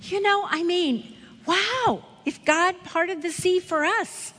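A woman teaching a women's Bible study, expressive and asking her listeners questions. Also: very high-pitched, slow pace, a little hiss or hum. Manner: expressive, asks the audience questions. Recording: echoey hall with long reverb.

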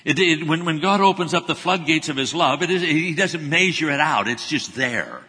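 A man preaching a sermon in an earnest way. His voice rises with intensity, then drops to hushed, humble tones when he quotes scripture. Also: a little high, animated, moderate pace, slightly rough. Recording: long reverb of a large hall.

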